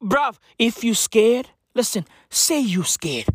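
A woman ranting in a frantic, profane comic monologue that breaks into shouts at times. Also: on the high side, animated, slow pace, slightly rough, no echo, clean studio sound. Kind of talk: comic rant.

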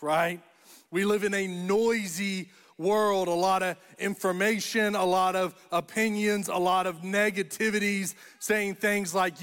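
A man's voice: high voice, fairly even intonation, a little slow, fairly bright tone. A man preaching a sermon as pastor, telling stories and building to emphatic repeated phrases. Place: church auditorium. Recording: long echo of a church hall.

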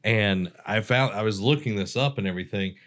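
A man hosting a relaxed faith discussion and leading the conversation. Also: fairly low pitch, brisk. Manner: relaxed, conversational, leads the topic. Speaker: podcast host. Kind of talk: casual discussion.

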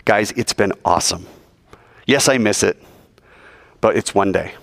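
A man's voice: fairly low pitch, a little slow, creaky, a bit bright. A man giving a joking sermon to students and acting out quoted voices as he goes. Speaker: youth speaker.

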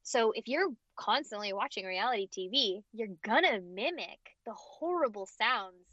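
A woman voice actress giving emphatic, expressive interview answers, often restarting her sentences. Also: on the high side, moderate pace, dry recording. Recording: slightly dull, dry audio.

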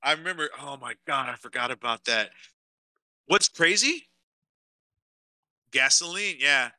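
Ranting man, bright dry voice. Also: medium pitch, animated, measured pace, dry recording. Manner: swears a lot, emotional sports rant. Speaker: podcast co-host. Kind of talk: casual chat with live chat.

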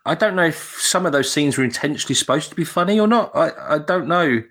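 Lively man on a film podcast. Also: fairly high pitch, fast. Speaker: podcast co-host. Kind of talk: casual film review chat.

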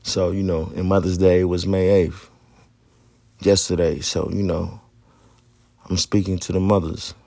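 A man's voice: sits low, level tone, a little slow, creaky, long pauses, darkish tone, no echo. A man in his thirties hosting a podcast, telling his own story in blunt, profane street talk. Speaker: podcast host. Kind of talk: candid personal monologue.

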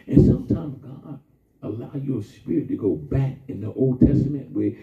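Gravelly preacher heard through a tinny line. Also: male voice, mid-range voice. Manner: call-and-response preaching, shifts between slow emphasis and quick asides. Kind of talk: sermon. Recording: distant, echoey, phone-like sound from far off.

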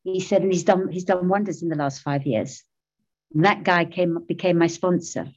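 A woman's voice: lowish voice, normal speed, a little mellow, lo-fi sound. An older woman, giving a personal testimony about her recovery, self-mocking, emotional and often laughing. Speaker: recovery speaker.

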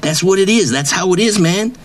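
A swaggering, self-proclaimed legend of wrestling writing, as a man puts him on for a comedy bit. He brags nonstop in a raised, lively voice that leaps up and down. He leans on the same catchphrases over and over. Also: high-pitched, brisk, voice pushed up. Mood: boastful. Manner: brash bragging, repeats catchphrases, drawls "man" constantly. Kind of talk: comedic improvised character bit.

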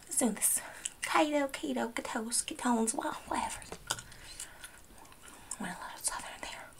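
Woman doing a makeup counter girl, put-on New Jersey accent, whispered role-play, gum chewing, rambling, gushing, fairly high voice. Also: moderate pace. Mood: chatty. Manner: rambling, gushing, chews gum while talking.

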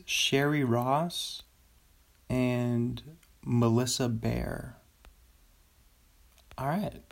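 A man's voice: mid-range voice, fairly even intonation, slow, pauses often. A young man casually chatting on his own while reading out movie listings, rambling with chuckling asides. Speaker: solo video host. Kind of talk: casual chat reading out a filmography.

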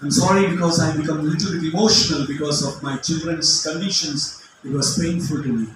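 Middle-aged guy preaching hard, kinda high voice, boomy hall, mic way off. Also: steady tone, fairly quick. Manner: impassioned, shouting at times, with non-native phrasing. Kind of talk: sermon. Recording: echoey hall from far off, faint noise.

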